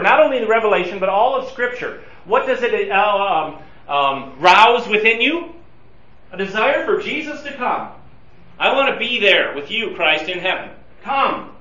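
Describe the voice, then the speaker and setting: A man teaching a Bible study as a pastor, talking through scripture verse by verse and acting out quoted pleas with animated urgency. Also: high-pitched. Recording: distant, roomy, slightly dull recording.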